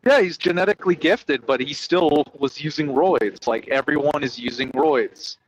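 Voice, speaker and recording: A man hosting a casual podcast chat, talking in an animated, rambling, profane way. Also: a little high, moderate pace, slight background noise, rough recording. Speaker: host.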